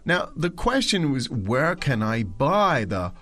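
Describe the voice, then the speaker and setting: A medium-pitched man with a fairly bright tone talks slowly with big pitch swings. He's hosting a podcast language lesson, explaining step by step but hesitantly, with many fillers and restarts.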